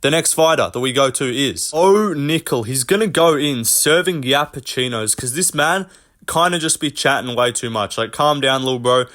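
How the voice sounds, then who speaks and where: A man's voice: medium pitch, lively intonation, normal speed, fairly bright tone. A young man hosting a casual commentary rant, blunt, mocking and full of swearing. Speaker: host.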